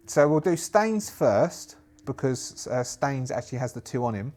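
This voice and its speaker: A man's voice: fairly high pitch, expressive, moderate pace, few pauses, darkish tone. Rambling man running a solo game. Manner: chatty, rambling, laughs to himself. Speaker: game master. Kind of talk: solo tabletop game narration.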